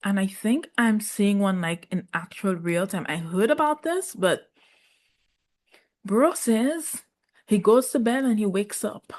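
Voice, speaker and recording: Woman reviewing a reality show, sassy and animated, takes her time talking. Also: mid-range voice, unhurried. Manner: sassy, animated, laughs often. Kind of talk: casual commentary.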